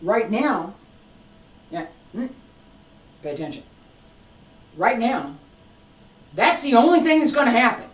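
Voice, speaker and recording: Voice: medium pitch, big pitch swings, a little slow, long pauses, echoey room, far from the mic, low-quality recording. A martial arts instructor giving an unscripted teaching talk, emphatic and determined, repeating phrases for force.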